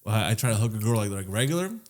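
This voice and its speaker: A man's voice: lowish voice, very animated. A young man co-hosting a podcast, telling crude stories in brash casual chat. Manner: crude, brash, fast-talking. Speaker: podcast co-host.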